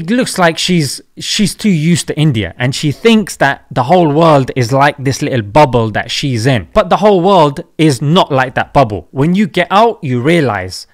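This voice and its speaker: A young man hosts a satirical commentary vlog in a high voice. His pitch leaps up and down as he mocks, jokes and drops emphatic asides. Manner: mocking, jokey, with emphatic asides. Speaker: channel host.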